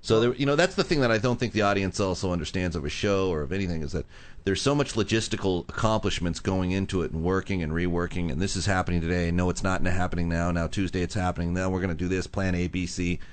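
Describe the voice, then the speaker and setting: A man's voice: sits low, steady tone. A man hosting a radio talk show in casual chat, rambling and interrupting himself as he goes. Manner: fast, rambling, self-interrupting.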